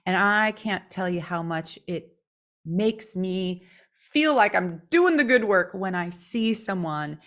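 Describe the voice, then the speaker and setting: A woman from California chats as a podcast co-host and voice coach. She talks with lively, expressive intonation, swinging her pitch up and down to show what she means. Her voice sits at a middle pitch. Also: slow. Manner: expressive, plays with intonation to demonstrate. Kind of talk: casual podcast conversation.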